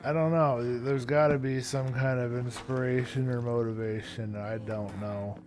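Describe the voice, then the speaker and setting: A drowsy man chats in a loose, rambling way as he plays, often trailing off. His voice sits at an ordinary pitch. Music runs clearly underneath his talk. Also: steady tone, moderate pace. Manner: low-key, rambling, hesitant, yawning. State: tired and yawning. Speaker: streamer. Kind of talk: casual live-stream chat while playing. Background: background music.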